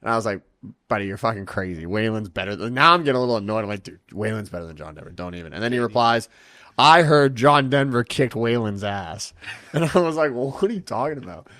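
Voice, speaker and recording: Male podcast host, low voice, animated profane storyteller, dry close mic. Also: very fast, no echo. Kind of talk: casual storytelling.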